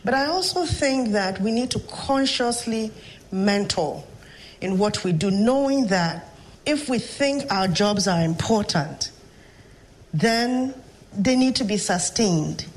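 A woman's voice: medium pitch, expressive, slight background noise, poor audio. A Ghanaian woman, a professor, telling stories and reflecting in an interview. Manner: storytelling, measured and reflective. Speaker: professor and guest. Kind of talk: interview conversation.

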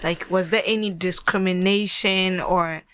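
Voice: medium pitch, fairly even intonation, a little slow, fairly bright tone, smooth. A co-host in an interview, asking curious questions with supportive interjections. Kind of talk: interview conversation.

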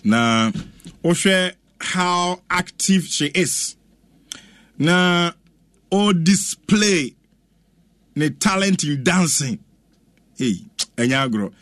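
Ghanaian radio guy, kinda high voice, loud excited chat, dry sound. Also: drawn-out words, long pauses, no room sound. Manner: animated, exclaims and chants, mixes English with Twi. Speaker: radio presenter. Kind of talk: lively radio chat reacting to videos.

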